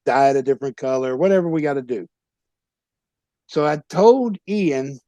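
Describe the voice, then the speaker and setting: A man, a wrestler guest telling animated stories in casual talk, acting out quoted voices and swearing freely. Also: mid-range voice, moderate pace, pauses often, no room sound. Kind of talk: casual storytelling interview.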